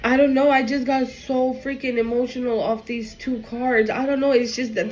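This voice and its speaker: A woman's voice: on the high side, steady tone, normal speed, few pauses, low-quality recording. A woman doing a casual spiritual tarot reading, emotional and swearing freely as she talks straight to the viewer. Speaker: tarot reader.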